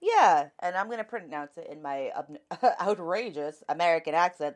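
A woman's voice: on the low side, big pitch swings, normal speed. A woman co-hosting a casual podcast, easygoing and agreeable, laughing along with her friend. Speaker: podcast co-host. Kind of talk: casual chat.

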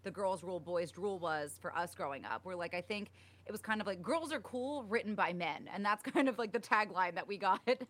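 On the low side and a bit bright, this young woman's voice moves briskly as she co-hosts a casual podcast. Chatty by nature, she peppers her talk with "like" and "um."

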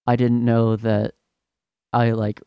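A man's voice: medium pitch, monotone, slow, clear, resonant tone, no echo, highs cut off. A man voicing a polite, apologetic young college student in a voice close to his own. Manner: mild, apologetic.

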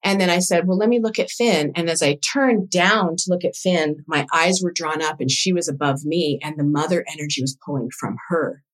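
A woman with a slightly low voice speaks as a podcast guest, recounting her own experiences. She talks in an earnest, reflective way and stays emotionally open. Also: normal speed, few pauses, fairly bright tone. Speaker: guest, doula coach. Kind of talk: personal storytelling in conversation.

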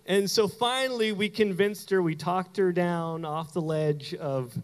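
A man from Canada preaching a sermon, telling a personal story with animated delivery and acted-out quotes. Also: high voice, unhurried, clear, resonant tone, long reverb tail. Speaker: pastor.

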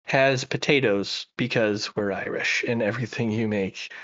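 Rambling, enthusiastic podcast host, muffled audio. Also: male voice, lowish voice, normal speed, fairly bright tone. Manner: rambling, enthusiastic, many fillers and restarts. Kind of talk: casual podcast chat.

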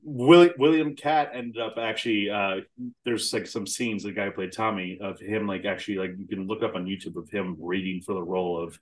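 A man's voice: on the low side, steady tone, a little fast. A man co-hosting a podcast, chatting casually about a film, swearing freely and laughing often. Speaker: podcast co-host.

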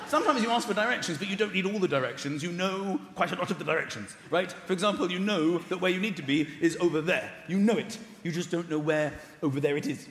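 A man doing a stand-up comedy routine, animated and acting out voices, live in a hall. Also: high voice, quick pace, few pauses. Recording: live hall, echoey, loud audience noise.

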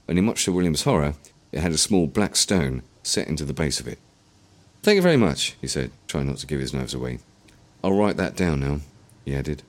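A man narrating an audiobook in an expressive storytelling manner. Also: extremely low pitch.

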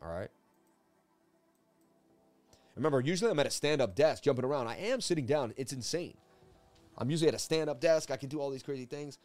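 A man hosting a casual live stream of crypto chart analysis from his seat at a desk, talking in an energetic, rambling, jokey way. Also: medium pitch, brisk, long pauses, no room sound, soft background music. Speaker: crypto market analyst host. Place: seated at a desk indoors.

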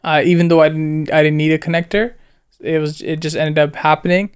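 A young man with a slightly high, clear, resonant voice talks briskly as a co-host reviewing a film. In casual chat he rambles through scenes, retelling them with animated, slang-heavy storytelling.

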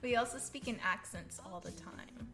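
A woman's voice: fairly high pitch, moderate pace, sharp tone. A young woman in her twenties co-hosting a casual podcast, teasing and playful, laughing often. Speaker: podcast co-host. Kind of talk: casual chat.

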